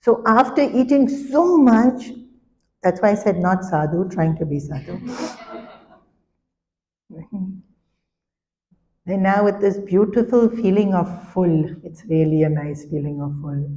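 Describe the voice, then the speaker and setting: A woman spiritual teacher giving a sermon, telling a story with animated, laughing delivery. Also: medium pitch, normal speed, in a large hall, slight background noise.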